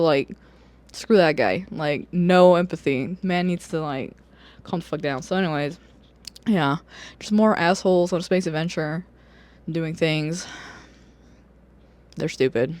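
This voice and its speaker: Loose, swearing book vlogger chat. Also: mid-range voice. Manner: loose, profane, full of fillers and laughs. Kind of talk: casual book review chat. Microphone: camera or phone on a wobbly stand.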